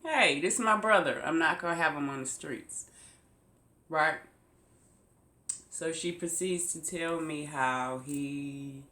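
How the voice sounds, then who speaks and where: A woman vlogger telling a personal story to her viewers, slow and emphatic, repeating phrases for weight. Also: low-pitched, a bit bright, echoey room. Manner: slow, repetitive, emphatic retelling. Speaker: YouTube vlogger.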